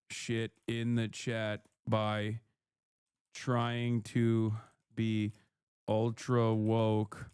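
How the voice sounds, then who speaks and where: Angry streamer dude ranting at chat, lotta swearing, smooth clear voice. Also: male voice, medium pitch, darkish tone, no echo, clean studio sound. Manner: heated, profane, reads chat messages aloud. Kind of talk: casual livestream rant.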